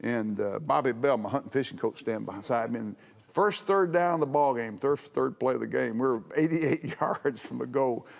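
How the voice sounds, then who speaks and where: A man's voice: mid-range voice, creaky. An older man, a former head coach, telling folksy, boisterous stories on a reunion panel and laughing through his punchlines. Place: large event hall. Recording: echoey hall.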